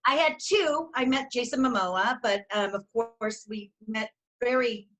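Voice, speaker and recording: A middle-aged woman talks a bit higher than most women. She tells long, rambling stories, effusive and often trailing off mid-sentence. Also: unhurried, fairly bright tone. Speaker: talk show co-host. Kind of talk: casual chat.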